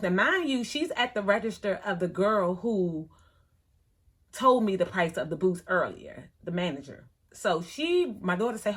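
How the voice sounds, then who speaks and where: A middle-aged woman, telling a story in a chatty, animated way, acting out the other people in it. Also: mid-range voice, moderate pace, breathy edge. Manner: chatty, animated retelling with quoted voices. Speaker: thrift vlogger. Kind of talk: casual storytelling vlog.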